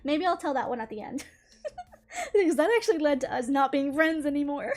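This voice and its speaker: A woman's voice: sits high, sing-song, moderate pace, darkish tone. A young woman from the American South with a Southern accent, telling a casual storytime while drawing, chatty and laughing often. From Southern United States.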